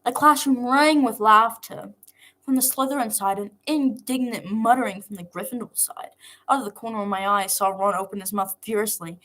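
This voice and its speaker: A woman reading a fan fiction story aloud in first person, with a steady, measured manner. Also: medium pitch. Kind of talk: first-person read-along narration.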